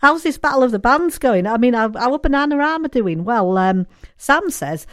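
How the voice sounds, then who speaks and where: A woman's voice: on the high side, normal speed, no room sound, studio quality. Bubbly woman radio presenter. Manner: bubbly, voice rising with excitement. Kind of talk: chatty radio show banter. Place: radio studio. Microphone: studio microphone.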